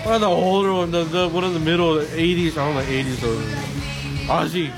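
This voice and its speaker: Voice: medium pitch, fairly even intonation, fairly quick, music in the background, rough recording. A local show host chatting casually and reading Halloween poems aloud in a rambling, sing-song way.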